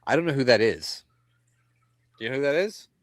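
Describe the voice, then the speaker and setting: A man co-hosting a podcast in easygoing chat, swearing casually and laughing as he talks. His voice sits in a middle range, with a dry, close sound and no room around it. He keeps up a relaxed, rambling flow. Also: medium pitch, a little fast, no room sound. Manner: loose, profane, laughs often. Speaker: podcast co-host.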